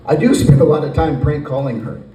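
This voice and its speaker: A man in his forties tells a rambling stand-up story, slipping into acted voices along the way. His voice sits a little high for a man. It is heard from some distance in a roomy, echoing space. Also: fairly quick, noisy background. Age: 40s. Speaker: stand-up comedian. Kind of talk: stand-up comedy set. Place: brewery stage with live audience.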